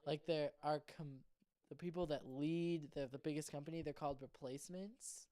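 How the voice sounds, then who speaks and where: Young man with a smooth, profane ramble. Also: fairly high pitch, steady tone, normal speed, dark tone. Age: young adult. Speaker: podcast co-host. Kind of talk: casual chat.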